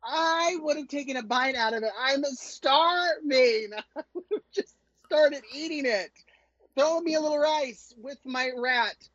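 A woman co-hosting a casual recap podcast, joking around and quick to laugh. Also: high-pitched, fairly bright tone, no room sound, muffled recording. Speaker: podcast co-host. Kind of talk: casual chat.

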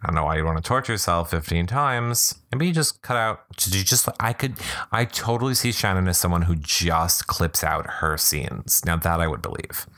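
Male recap host, deep-pitched and highly animated, snarky and excitable. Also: normal speed. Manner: sarcastic, gossipy, excitable. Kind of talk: comedic reading and commentary.

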